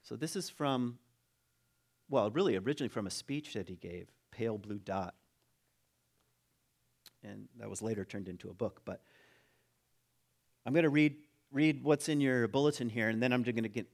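A man preaching a conversational sermon, reading a passage aloud and breaking off into jokes and asides. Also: mid-range voice. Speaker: pastor.

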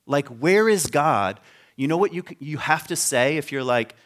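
A man's voice: on the high side, lively intonation, normal speed, a bit bright. A man giving an informal teaching talk on biblical history, conversational, with frequent laughs and rhetorical questions to the listeners. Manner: conversational, laughs often, trails off and restarts.

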